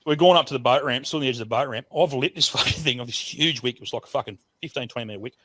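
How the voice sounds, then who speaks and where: A man's voice: mid-range voice, rapid-fire, dry recording. A man with an Australian accent telling a rowdy, profane story in casual talk on a group call. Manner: profane, animated yarn-spinner.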